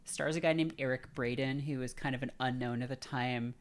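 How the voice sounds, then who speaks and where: A woman's voice: a bass voice, steady tone, fairly quick. A woman guest on a podcast, chatting casually and retelling film scenes in quoted voices. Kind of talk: casual chat.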